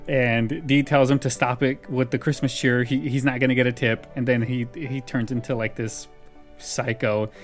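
A man talks casually, recapping a sitcom episode with frequent laughter in his voice. His pitch sits in an ordinary middle range. Faint music plays under the conversation. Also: fairly even intonation, moderate pace. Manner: laughs often while retelling scenes. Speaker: podcast host recapping a sitcom. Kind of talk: casual chat.

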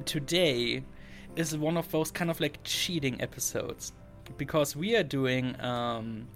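A man's voice: on the high side, vocal fry. A man co-hosting a casual podcast, chatty and jokey, laughing often. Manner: jokey, puts on a brief pirate voice, laughs often. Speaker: podcast co-host. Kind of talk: casual chat.

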